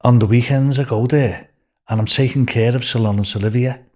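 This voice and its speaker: Older Liverpool guy, podcast guest, loose rambling anecdotes, average pitch. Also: fairly even intonation, moderate pace, a little mellow. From England. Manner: rambling anecdotes with restarts and swearing. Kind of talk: storytelling in a podcast interview.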